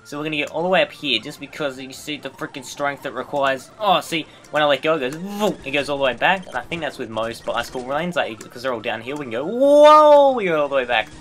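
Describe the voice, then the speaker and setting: A man's voice: medium pitch, fast talker, few pauses, a bit bright, a little hiss or hum. A man hosting a video game playthrough with goofy, rambling, joking commentary. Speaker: let's play host. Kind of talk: casual gameplay commentary.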